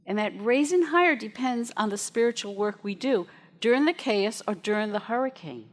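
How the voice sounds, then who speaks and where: A woman minister preaches to her congregation with a slightly high voice. She tells stories in a chatty, lively way and often laughs along the way. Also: normal speed. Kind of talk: storytelling sermon to a congregation.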